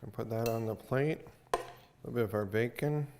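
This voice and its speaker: A man's voice: medium pitch, a little fast, creaky, noisy background. Chatty man hosting a cooking demo. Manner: chatty, explains as he cooks. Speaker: cooking show host. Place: cottage kitchen.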